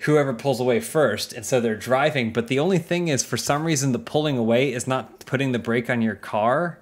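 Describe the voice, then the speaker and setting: A man in relaxed podcast chat, recounting a film in a rambling, animated way. His voice sits at a middle pitch, and he keeps stopping and restarting his sentences. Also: brisk. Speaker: podcast host. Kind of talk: casual chat.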